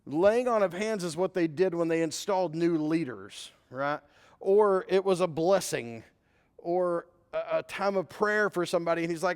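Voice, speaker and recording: A man's voice: fairly high pitch, moderate pace, clean tone. A man preaching a conversational sermon as a pastor, mixing scripture with a personal story. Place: church sanctuary. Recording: long hall reverb.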